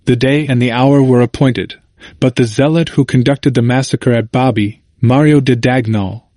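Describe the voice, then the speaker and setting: A man narrating a history audiobook in a measured, formal manner. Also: mid-range voice, a little mellow, no room sound, studio quality.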